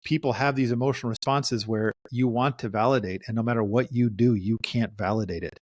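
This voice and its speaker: Therapist guy on a podcast, thinking out loud, acts out what people say, dry close mic. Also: medium pitch, steady tone, a little fast, dry recording. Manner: reflective, acts out quoted lines. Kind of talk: casual podcast discussion.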